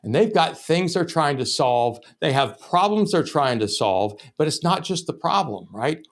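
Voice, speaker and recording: A male sales trainer hosting a podcast, teaching through stories in a loose, cursing, conversational manner. His voice sits fairly high for a man. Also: sing-song, unhurried. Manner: casual, profane, anecdotal. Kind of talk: storytelling lesson.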